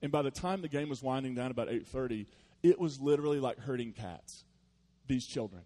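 Male pastor, mid-pitched, chatty sermon delivery, jumps from loud bursts to hushed earnest points. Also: fairly quick, no echo. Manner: conversational, storytelling, with playful asides; swings from loud animated bursts to quiet earnest tones.

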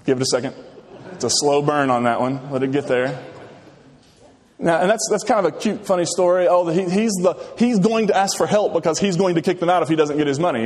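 A man's voice: fairly high pitch, steady tone, darkish tone. Man preaching in a reverberant hall. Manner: conversational, halting, many restarts. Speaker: pastor. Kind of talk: sermon.

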